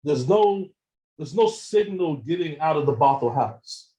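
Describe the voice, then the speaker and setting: Man telling a story in a mellow voice. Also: on the high side, a little slow, rough recording. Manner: animated retelling, acts out phone calls, repeats words. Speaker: seminar speaker. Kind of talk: storytelling talk with slides.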